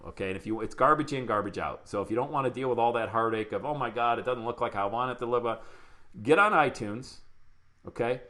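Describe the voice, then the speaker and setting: A man running a live online podcasting workshop, talking fast and chatty, greeting viewers by name as he shares his screen. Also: fairly low pitch, a bit bright. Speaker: podcast coach. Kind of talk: live webinar training.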